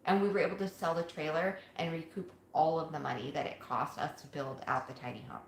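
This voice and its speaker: A woman's voice: deep voice, brisk, echoey room, a little hiss or hum. A woman co-hosting a casual livestream, chatting and laughing about homestead life. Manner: chatty, laughs often, explains in long runs.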